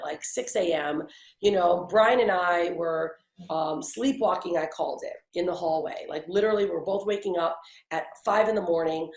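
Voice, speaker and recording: Gravelly-voiced woman telling her story. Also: on the low side, reverberant, low-quality recording. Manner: animated storyteller who acts out quoted people. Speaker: interview guest, branding agency founder. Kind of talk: conversational storytelling.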